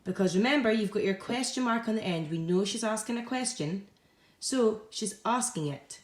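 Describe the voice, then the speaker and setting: A young woman teacher with a Scottish accent, giving a recorded home-learning lesson to young pupils in a bright, encouraging way. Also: mid-range voice, animated, moderate pace. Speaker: primary school teacher.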